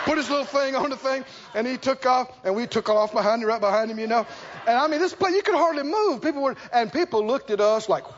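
High, expressive male preacher; emphatic sermon storyteller, slightly muffled recording. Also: background noise. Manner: storytelling with animated asides and laughter; emphatic, repeats key lines slowly.

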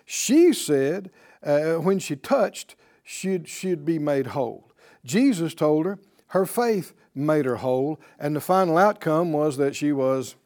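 Male bible teacher, emphatic, unhurried, high voice, lively rise and fall, repeats key words.

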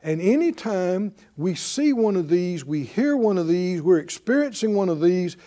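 A man's voice: sits high, sing-song, mellow. A man preaching a sermon, leading his listeners to repeat lines and asking a list of emphatic questions. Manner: slow, deliberate preaching with call-and-response. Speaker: pastor.

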